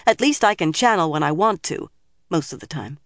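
A man's voice: on the high side, brisk, fairly bright tone, no room sound, clean studio sound. A man voicing an earnest, defiant young woman in an audiobook reading. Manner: determined, a little shaky.

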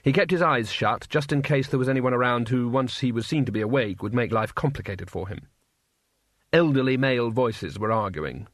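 A man narrating a comic fantasy audiobook in a wry, expressive manner. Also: medium pitch, normal speed, no echo, clean studio sound. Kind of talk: scripted narration.

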